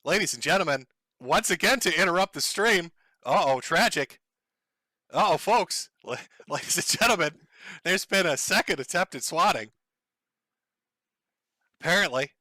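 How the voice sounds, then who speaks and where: Sarcastic high-voiced streamer man. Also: lively intonation, measured pace, long pauses, pushed and bright, no echo. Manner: sarcastic, mocking. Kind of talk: live stream rant.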